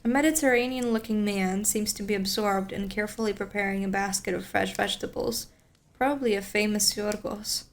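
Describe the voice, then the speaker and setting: A woman's voice: mid-range voice, fairly even intonation, a little fast. A woman streamer reading a story game aloud, with chatty, rambling asides.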